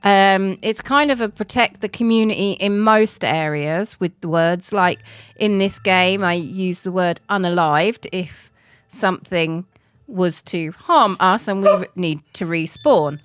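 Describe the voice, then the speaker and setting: A middle-aged British woman streaming a game, chatting casually and self-mockingly, laughing often and counting softly under her breath. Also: on the low side, a little slow, clear, resonant tone, dry recording. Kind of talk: casual live-stream chat while playing.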